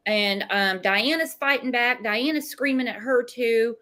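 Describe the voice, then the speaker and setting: A woman's voice: on the high side, measured pace, few pauses, fairly bright tone. A woman hosting a true crime livestream, casually explaining and recapping events. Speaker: host.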